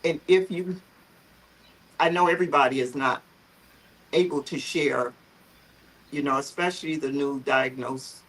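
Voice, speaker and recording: Husky, emotional woman telling her story. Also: deep voice, steady tone, a little slow, pauses often, rough recording. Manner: heartfelt, emotional, earnest. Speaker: founder of a photo therapy group, guest. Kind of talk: livestream conversation, personal story.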